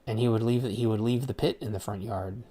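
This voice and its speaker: A man's voice: mid-range voice, fairly even intonation, a little fast, mellow, slightly rough. A man ranting in a casual, rambling way, swearing often and repeating words as he restarts his sentences. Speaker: streamer. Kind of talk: casual rant.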